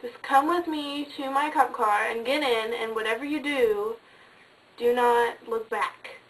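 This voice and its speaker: A woman telling a ghost story plays a stern, calm policeman who gives slow, insistent warnings, in a somewhat high voice. The recording is a little distant from the mic.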